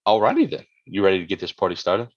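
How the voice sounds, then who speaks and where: A man co-hosting a casual podcast, rambling and restarting his sentences. His voice sits on the low side. The sound is dry and a little dull and lo-fi. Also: wildly swooping pitch, fast talker, dry recording. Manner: rambling, full of fillers and restarts. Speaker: podcast co-host.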